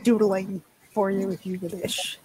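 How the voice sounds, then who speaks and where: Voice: medium pitch, little pitch movement, a little slow, background noise. A writer chatting offhandedly on a video call through a headset, busy posting links. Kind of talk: casual chat on a video call.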